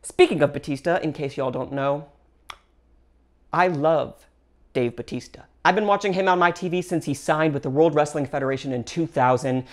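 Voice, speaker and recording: Gushing lower-voiced woman reviewing films. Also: normal speed. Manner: gushing and upbeat, with big pitch swings between phrases. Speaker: film reviewer and channel host. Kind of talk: solo movie review vlog.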